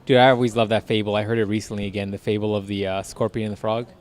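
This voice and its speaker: A man's voice: fairly low pitch, flat delivery, rapid-fire. A young man co-hosting a casual podcast, joking around and retelling stories with playful put-on voices. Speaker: podcast co-host.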